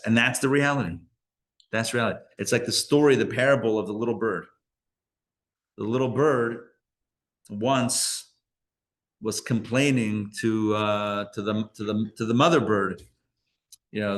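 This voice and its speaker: A man who is a rabbi, teaching a live class in a casual, anecdotal way and often restarting his sentences. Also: on the low side. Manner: conversational, anecdotal, with many restarts. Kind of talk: live lecture with stories. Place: live class in a Torah center.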